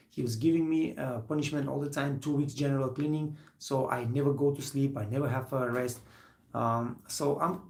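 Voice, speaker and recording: Man, hospitality trainer, gravelly voice, earnest and rambling motivational talk, roomy echo. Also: medium pitch, darkish tone. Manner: earnest, rambling, many fillers.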